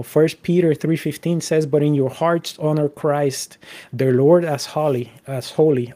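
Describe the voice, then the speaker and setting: A man with a mellow, slightly high voice reads Bible verses aloud during a casual Christian discussion. He talks conversationally, often saying "you know" and restarting his sentences.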